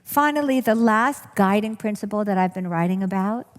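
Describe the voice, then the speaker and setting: A woman teacher speaking to an audience at a middle pitch, earnest and conversational. She often circles back and rephrases her point. Her voice carries a long hall reverb. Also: moderate pace. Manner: earnest, rephrases and repeats for emphasis. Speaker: workshop teacher. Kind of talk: talk to an audience.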